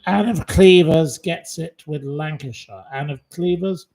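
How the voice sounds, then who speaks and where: Man from northwest england, slow rambling quiz host, slightly high voice, lots of ums. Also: a little mellow, rough recording. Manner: rambling, chatty, with many fillers. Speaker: livestream host running a quiz. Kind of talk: casual live quiz chat. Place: at home.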